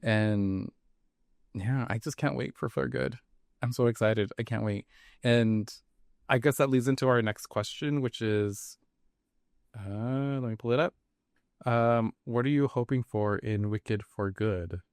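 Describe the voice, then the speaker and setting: A man's voice: mid-range voice, unhurried, a little mellow, clean tone, no echo, clean studio sound. A man co-hosting a podcast in casual chat, talking in a loose, chatty way full of "like" and small laughs. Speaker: podcast co-host.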